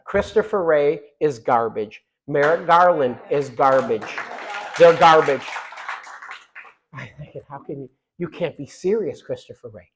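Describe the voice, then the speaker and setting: Fiery middle-aged man, somewhat high-pitched voice, rally speech, loud punchy repetition with quiet asides. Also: a little slow, slight background noise, low-quality recording. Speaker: congressman giving a speech.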